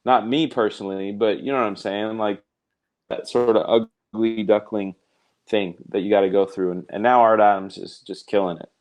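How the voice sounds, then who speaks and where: A man with a fairly low voice hosts a live art stream, talking in a relaxed, rambling way. His tone is smooth and clear, and he stops to crack jokes and read out comments from the chat. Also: moderate pace. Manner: rambling, self-interrupting, jokey. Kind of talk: casual chat while reading live comments.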